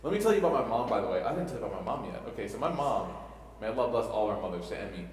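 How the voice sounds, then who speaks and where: Young male imam, low voice, emotional and joking storyteller; distant mic in a long-reverb prayer hall. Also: rapid-fire, a little hiss or hum. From Egypt (family), raised in Chicago. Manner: emotional, storytelling with jokes and rhetorical "right?". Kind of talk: mosque talk to youth. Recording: echoey hall from far off.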